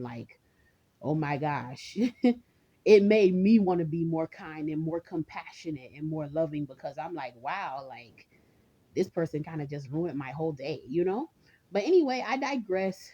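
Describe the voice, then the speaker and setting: A woman's voice: low-pitched, warm tone, dull audio. A woman vlogger in a casual rant, rambling and chatty, talking straight to her viewers and laughing often.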